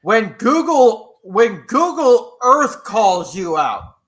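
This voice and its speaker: A man co-hosting a casual livestream chat, wry and animated. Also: high-pitched, takes it slowly. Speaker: co-host.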